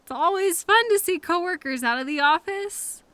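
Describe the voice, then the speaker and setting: A woman's voice: very high voice, lively intonation, normal speed, pushed and bright, no room sound. A young woman performing a scripted audio role-play as a coworker who finds the listener in a blizzard, fussy and scolding, then apologetic, with quirky mild exclamations.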